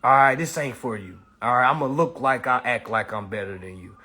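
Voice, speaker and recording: A man teaching and mentoring, talking casually to his viewers in a blunt, profane, animated way. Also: mid-range voice, a little fast, breathy edge. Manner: blunt, profane, animated, keeps saying "all right".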